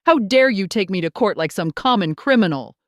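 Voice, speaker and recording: A woman voicing an angry adult daughter who shouts and then pleads, in scripted storytelling narration. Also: on the low side, moderate pace, no echo, studio quality, close to an everyday voice. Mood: furious.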